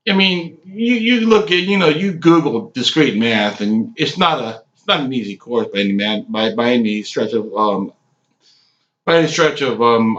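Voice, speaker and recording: A man in his late forties giving a casual, rambling cigar review, halting often with ums. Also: mid-range voice, fairly bright tone. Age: 40s. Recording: echoey room, dull lo-fi sound.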